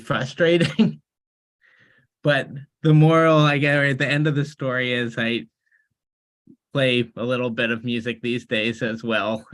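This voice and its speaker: A man's voice: medium pitch, fairly bright tone. A man telling a personal story over a video call, hesitant and full of fillers. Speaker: workshop participant.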